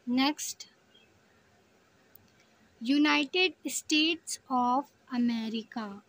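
A woman with a fairly high voice teaches at a very slow, deliberate pace. She repeats each word and spells it out one letter at a time, like a patient lesson for young learners. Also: fairly bright tone, poor audio.

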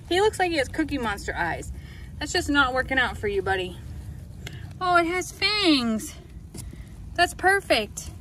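A woman's voice: high-pitched, very animated, slow pace, long pauses, bright, forceful tone, slight background noise. A woman outdoors filming her goats in Halloween costumes, chatting casually and talking to them in affectionate baby talk. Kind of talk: casual vlog talking to animals.

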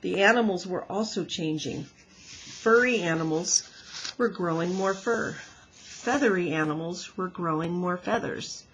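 A woman teacher reading a children's book aloud with gentle, expressive storytelling. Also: on the low side, unhurried, slight background noise, low-quality recording.

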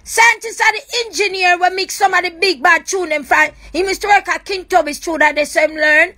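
A woman's voice: very high-pitched, steady tone, fairly quick, bright, forceful tone. A woman with a Jamaican accent, ranting on a live stream in a raw, accusing, repetitive way. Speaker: livestreamer. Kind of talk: emotional live-stream rant.

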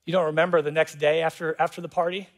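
Pastor guy preaching, high voice, playful, does little voices for the quotes. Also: fast. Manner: animated, jokey, acts out voices in quotes. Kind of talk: sermon. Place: church auditorium.

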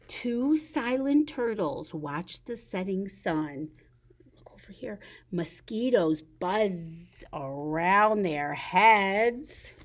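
A woman working as a children's librarian, reading picture books and turtle rhymes to babies in an animated, sing-song way. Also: medium pitch, slow pace.

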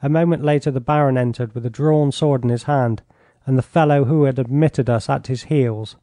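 Male audiobook narrator, even and measured, close dry studio sound. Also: medium pitch, no echo. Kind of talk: scripted narration.

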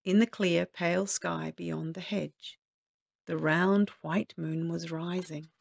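Storyteller reading to children, expressive, slight fry, dry booth. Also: female voice, fairly low pitch, takes it slowly, no room sound, highs cut off. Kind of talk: storybook read-aloud.

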